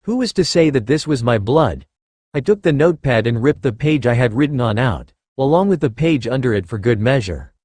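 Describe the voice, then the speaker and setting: A man narrating a first-person fan fiction story in an expressive reading style. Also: mid-range voice, a little fast, no echo.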